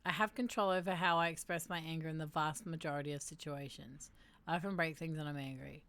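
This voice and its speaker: A woman's voice: deep voice, fairly even intonation, fast, fairly bright tone. A woman hosting a casual livestream, reading quiz statements aloud and adding wry asides to her viewers. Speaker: livestream host.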